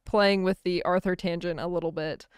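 A woman's voice: lowish voice, steady tone, moderate pace, clear, resonant tone, dry recording. A young woman co-hosting a college radio show, talking casually with a dry, teasing wit. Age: young adult. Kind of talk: casual chat. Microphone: studio microphone.

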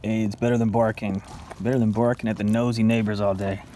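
A man's voice: on the low side, flat delivery, fast talker, background noise. A man casually quizzing himself on trivia while eating, playful and self-mocking, now and then talking to his dog. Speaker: vlogger.

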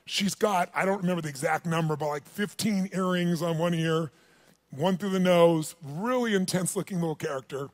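A man's voice: a little high, normal speed. A man telling a story at a motivational seminar, acting out the dialogue and calling on the live audience to answer. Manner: animated, acts out dialogue, calls on the audience. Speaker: motivational speaker.

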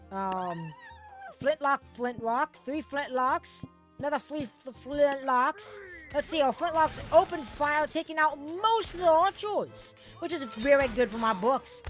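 Excitable woman narrating gameplay. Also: high-pitched. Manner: excitable, swears freely, bursts into shouts and laughter. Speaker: gaming channel host. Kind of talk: gameplay commentary.

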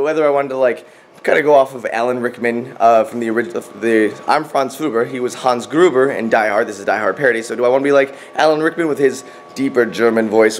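Young guy vlogging behind the scenes, jokey, just chatting to the camera. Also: medium pitch. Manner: joking, playful narration. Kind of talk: casual behind-the-scenes vlog.

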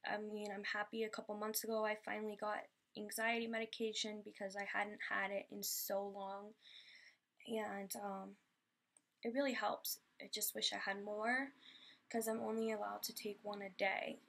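A woman's voice: mid-range voice, level tone, moderate pace, vocal fry, fairly bright tone. A young woman telling personal stories in a Q&A vlog, rambling and emotional with many fillers. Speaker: vlogger.

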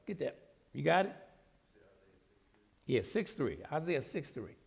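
A man preaching a sermon as pastor, animated, swinging from low asides to shouting. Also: a little slow, gravelly, husky.

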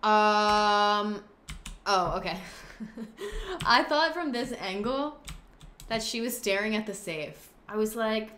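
A woman hosting a let's-play video, with excitable, dramatic commentary full of gasps and exclamations. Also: on the high side, normal speed, a little hiss or hum. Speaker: gaming host.

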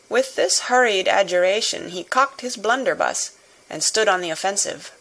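A woman reading a classic novel aloud as audiobook narrator, in steady, measured storytelling. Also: mid-range voice, poor audio.

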